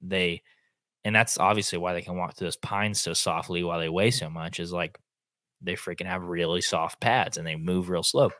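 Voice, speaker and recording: Low-voiced man telling a story. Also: normal speed, no echo, studio quality. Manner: animated, acts out quotes in voices. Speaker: podcast host. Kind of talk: casual storytelling chat.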